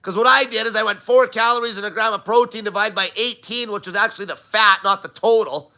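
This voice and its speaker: Man, very high voice, sharp and bright, blunt profane live Q&A rant. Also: fairly even intonation, quick pace. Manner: blunt, swears constantly, emphatic. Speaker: diet channel host.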